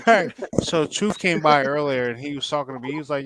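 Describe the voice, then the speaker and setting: A man's voice: on the high side, a little fast, noisy background. A man giving laid-back advice in casual podcast banter. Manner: laid-back, lecturing in fun.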